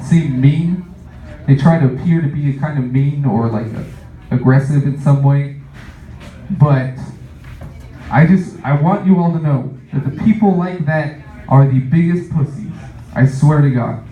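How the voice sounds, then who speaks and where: Young guy doing standup, kinda high mellow voice, rambly, far off mic in an echoey room. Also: phone-quality sound. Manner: rambling, filler-heavy, self-amused. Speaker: stand-up comic. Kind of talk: stand-up comedy set.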